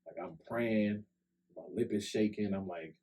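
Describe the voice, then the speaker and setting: A very low-voiced young man talks into a podcast mic. His storytelling is loose and chatty, with a "like" or a "right?" every few words. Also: unhurried, mellow, rough recording. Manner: loose, conversational, many "like" and "right?" fillers. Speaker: podcast co-host. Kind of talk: casual storytelling chat. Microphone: podcast microphone.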